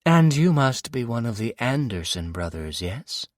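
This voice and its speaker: A man's voice: mid-range voice, sing-song, a little slow, dry recording, studio quality, voice pushed up. A man doing a cold, accented villainess. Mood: mocking. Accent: Russian. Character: cold, menacing woman villain.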